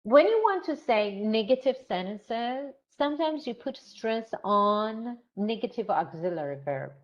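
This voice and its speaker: A woman teaching grammar in an online teacher training lesson, modelling example sentences slowly with clear stress. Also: fairly high pitch, animated, highs cut off.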